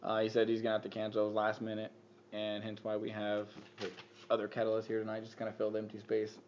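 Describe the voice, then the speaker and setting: A man's voice: lowish voice, monotone, fast, darkish tone. A man hosting a podcast, talking casually and swearing a lot as he rambles. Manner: rambling, swearing, laughing often. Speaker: podcast host. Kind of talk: casual crude podcast banter. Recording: muffled lo-fi with faint hiss.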